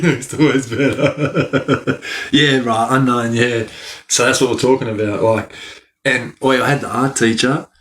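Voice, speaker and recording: A man chats to his live audience in an unhurried, drawn-out way, full of slang and rambling asides. His voice sits at an ordinary middle pitch, and he breaks into laughter often. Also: fairly bright tone. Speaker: livestreamer. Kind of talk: casual storytelling to a live chat.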